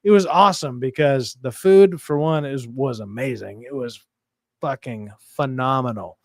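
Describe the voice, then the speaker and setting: In studio-quality audio with no echo, a man with a medium-pitched voice hosts a stream chat at a moderate pace. He tells stories casually and with lots of animation, swearing freely throughout.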